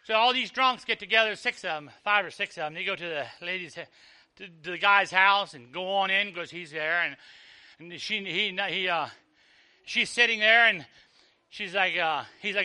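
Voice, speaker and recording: A male preacher delivers a storytelling sermon. His voice sits high for a man and sounds very bright and ringing. He acts out the dialogue and often drops low and soft to drive a point home. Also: normal speed, smooth.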